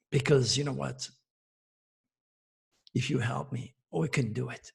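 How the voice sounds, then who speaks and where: A man's voice: medium pitch, measured pace, creaky, pauses often, darkish tone, slightly rough. A man in his seventies with a French accent, giving a boastful, preachy monologue to his viewers as an astrologer host. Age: 70s.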